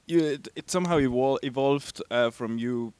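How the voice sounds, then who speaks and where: A man's voice: medium pitch, moderate pace, a little mellow, clean tone. A man interviewing a guest, asking his questions hesitantly with restarts. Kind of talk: casual interview.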